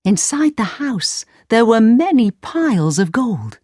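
A woman narrating a storybook in slow, clear, simple sentences. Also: on the high side, big pitch swings, mellow, no room sound, clean studio sound.

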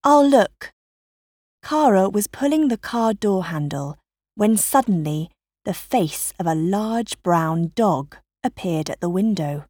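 A woman reading a children's story aloud in a slow, careful narrating voice. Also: mid-range voice, lively intonation, mellow, no room sound, clean studio sound.

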